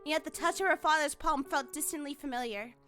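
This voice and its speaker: Emotional high-voiced woman streamer. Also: brisk, sharp tone, faint music behind. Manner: emotional, exclamatory. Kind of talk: let's play reading and reacting.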